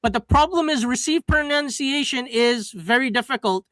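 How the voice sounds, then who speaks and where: A woman's voice: high-pitched, normal speed, fairly bright tone, no echo. A woman in a casual chat, blunt, sweary and opinionated.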